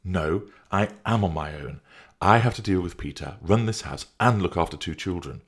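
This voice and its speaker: A man's voice: sits low, animated, moderate pace, breathy edge, pitched above the performer's own voice. A man voicing an irritated, overwhelmed young mother who pushes her lover away, in an audiobook reading. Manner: curt, exasperated, impatient.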